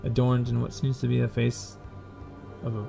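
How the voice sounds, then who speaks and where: A man narrating a tabletop game as game master, painting each scene slowly with fillers and self-corrections. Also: mid-range voice, level tone, gravelly, music in the background.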